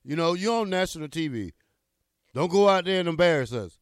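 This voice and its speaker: A high-pitched man in full rant on a sports talk show, fired up and blunt, circling back to the same points again and again. His voice is smooth and clear, recorded dry and close. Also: lively intonation, brisk, no echo. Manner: fired-up, blunt, repetitive ranting. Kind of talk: heated fan rant.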